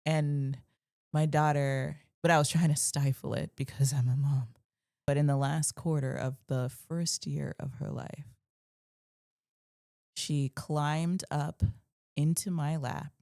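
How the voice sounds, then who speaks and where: A young woman with a low, gravelly voice talks earnestly about parenting. Her tone is mellow and dark, and she shares a personal story in a confessional, meandering monologue. The recording is close and dry. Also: steady tone, slow, no echo. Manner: earnest, confessional, rambling with restarts. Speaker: parenting channel host.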